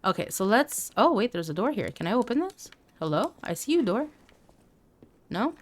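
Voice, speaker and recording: A woman's voice: a little high, big pitch swings, moderate pace. A woman streaming a video game live, chatting casually with her viewers and reading their messages aloud. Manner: chatty, reads chat aloud, playful asides. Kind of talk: casual live gameplay chat.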